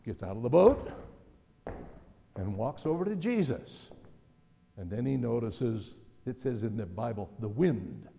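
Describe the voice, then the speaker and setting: A man preaching a sermon in a relaxed, conversational way, musing aloud and putting questions to his listeners. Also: mid-range voice, measured pace, gravelly, long pauses, husky. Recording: long hall reverb.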